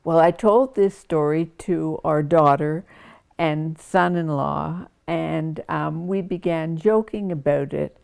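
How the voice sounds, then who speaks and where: An older woman telling her family's story in a relaxed, good-humored way for a news interview. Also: deep voice, slow pace, gravelly.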